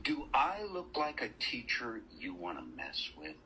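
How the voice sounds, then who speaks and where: An actor playing a stern male teacher who slowly threatens a student in a game. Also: medium pitch, huge pitch swings, bright, forceful tone, a little hiss or hum, exaggerated voice, poor audio. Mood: menacing. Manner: threatening, slow and deliberate.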